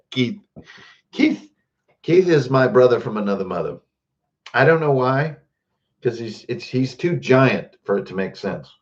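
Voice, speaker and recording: A man hosts a casual livestream, rambling from one joke to the next and calling out viewers by name. His voice sits at an ordinary middle pitch, and the audio comes through slightly dull and muffled. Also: expressive, measured pace, long pauses. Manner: rambling, jokey, greets chatters by name. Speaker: host.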